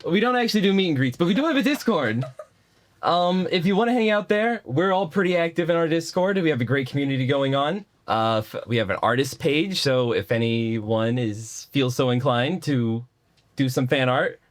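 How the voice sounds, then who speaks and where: A man's voice: medium pitch, expressive, moderate pace, no room sound. A man playing a tabletop game who talks in a friendly, slightly rambling way. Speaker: player. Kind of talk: casual chat.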